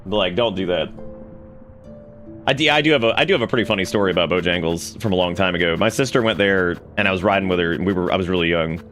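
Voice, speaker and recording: A man with a low-pitched voice, chatting casually while he streams a game. He rambles from story to story, laughs at his own jokes, and restarts his sentences often. Faint music plays underneath. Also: very fast, few pauses, fairly bright tone. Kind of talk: casual gameplay commentary.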